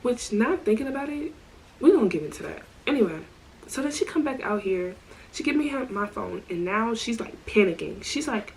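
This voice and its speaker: A woman's voice: fairly high pitch, fairly quick, slight background noise, low-quality recording. Chatty woman telling a story. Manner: animated, slangy, full of asides. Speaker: storytime vlogger. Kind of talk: casual storytelling.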